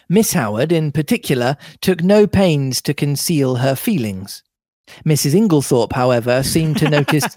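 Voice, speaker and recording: Lively, animated novel reader. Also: medium pitch, dry recording. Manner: lively, laughs often between passages. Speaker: podcast reader and co-host. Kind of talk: reading a novel aloud with banter.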